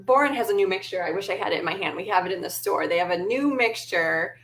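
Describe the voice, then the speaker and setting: A woman interviewing a guest, speaking in a friendly, conversational way, often pausing with ums. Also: mid-range voice, lively intonation, fairly bright tone, a little hiss or hum. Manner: friendly, hesitant with many ums. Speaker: interviewer, store host.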